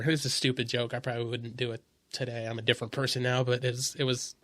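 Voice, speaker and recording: In a podcast studio, a male host who does stand-up swears casually through his road stories, laughing as he talks and raising his voice to imitate others. He speaks fast in a mid-range, level tone, and the recording has no room sound.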